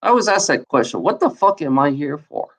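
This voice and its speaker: A YouTuber with a slightly high voice talks fairly quickly, his pitch swinging widely. He is angrily venting, cursing and repeating himself in a rambling rant about having been lied to.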